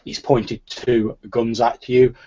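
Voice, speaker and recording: A man narrating a tabletop game as game master, describing scenes in a measured way. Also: mid-range voice, flat delivery, background noise. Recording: lo-fi online call audio.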